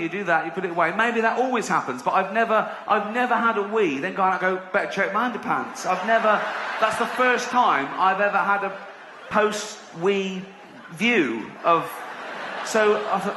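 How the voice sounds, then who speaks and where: A middle-aged Englishman performs stand-up on a theater stage before an audience, his voice on the high side, animated and at normal speed. The sound is roomy with a noisy background. His routine rambles and is self-deprecating, and he often laughs at his own jokes.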